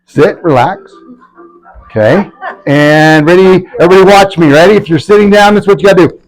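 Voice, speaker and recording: A man leading a live health workshop in a room full of people. He talks energetically and keeps checking in with his listeners. His voice sits a little on the high side. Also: a little fast, rough recording. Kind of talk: live workshop talk to an audience. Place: indoor room with a live audience.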